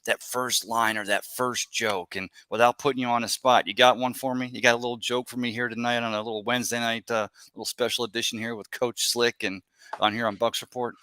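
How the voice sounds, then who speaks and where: A man's voice: medium pitch, level tone, brisk, pushed and bright, clean tone, dry recording, rough recording. A middle-aged man hosting a live sports talk show, jokey and rambling, laughing often. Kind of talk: casual live show banter.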